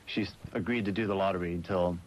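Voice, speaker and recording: A man on a radio chat show, rambling on through his comic grievances. He talks fast and piles one clause onto the next. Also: deep voice, steady tone, a little hiss or hum. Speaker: radio guest. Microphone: studio microphone.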